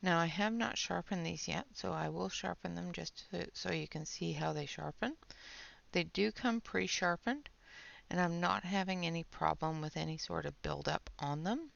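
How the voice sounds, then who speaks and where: Woman host with a low, gravelly voice, slightly winded, talking through a colouring demo on muffled audio. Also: normal speed, fairly bright tone. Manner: chatty, explains step by step. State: out of breath. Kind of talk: casual product demo while colouring. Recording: dull lo-fi audio.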